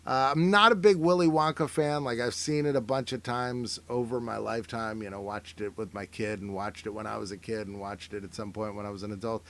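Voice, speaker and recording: A man's voice: lowish voice, fairly even intonation, fairly quick, hardly any pauses, a bit bright, a little hiss or hum. Wry rambling middle-aged man. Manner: rambling, wry, self-interrupting with fillers; mock voices for people he quotes. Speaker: comedian reacting to memes. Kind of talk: casual comic commentary.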